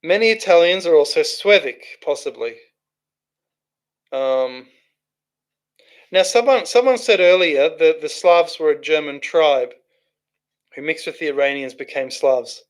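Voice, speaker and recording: A man with a slightly higher voice hosts a casual livestream. He reads viewer comments aloud and answers them in a loose, rambling way, often restarting his sentences. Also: measured pace, pauses often. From Australia. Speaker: livestream host reading chat. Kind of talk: casual live chat.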